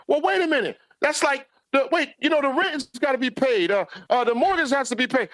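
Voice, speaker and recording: A man co-hosting a sports talk podcast, ranting in an animated way and mocking players in put-on quoted voices. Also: very high-pitched, brisk, few pauses. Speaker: podcast co-host.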